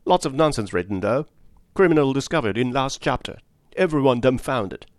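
A man's voice: mid-range voice, expressive, moderate pace, no room sound, studio quality, pitched above the performer's own voice, natural voice. A man voicing a brusque, blunt middle-aged woman who speaks in clipped phrases. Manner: clipped, drops words.

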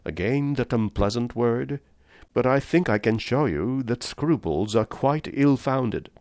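A man's voice: medium pitch, lively intonation, a little slow, a little mellow, dry recording, studio quality, voice pushed up. A man reading the part of a polished, amused and condescending aristocratic general with cold-blooded views. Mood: suave.

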